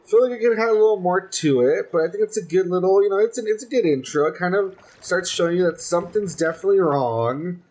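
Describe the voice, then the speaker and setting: A man casually commenting while playing a horror game, chatty and thinking out loud. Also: high voice, quick pace, few pauses, low-quality recording. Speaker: game streamer. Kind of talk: casual let's-play commentary.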